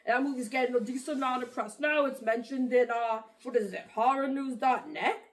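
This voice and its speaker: A woman's voice: fairly high pitch, a little fast, close to an everyday voice. A woman playing a boastful macho male host. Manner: boastful, rambling, vain. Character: cocky macho male self-help show host. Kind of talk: comedic talk-show sketch.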